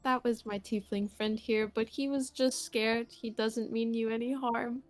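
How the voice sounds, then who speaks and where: A woman playing a polite young woman adventurer in a tabletop game, speaking softly and gently. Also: fairly high pitch, steady tone, a little slow, lightly acted. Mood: apologetic. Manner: soft, apologetic, gentle.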